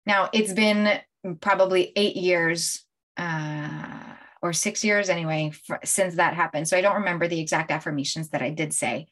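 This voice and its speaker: A woman's voice: lowish voice, normal speed. Chatty, laughing woman coach on a livestream. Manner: laughs often, animated and chatty. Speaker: life coach hosting a livestream. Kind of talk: casual live-stream talk to viewers.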